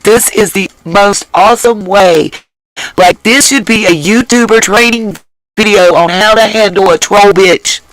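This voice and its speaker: A man with a high voice comments on a clip he is watching, talking straight to his viewers in a loose, gushing way. He repeats his praise often. The sound is dry and close. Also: unhurried, fairly bright tone, no room sound, poor audio. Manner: effusive, emphatic, repeats phrases. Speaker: host reacting to a video. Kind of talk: casual reaction commentary.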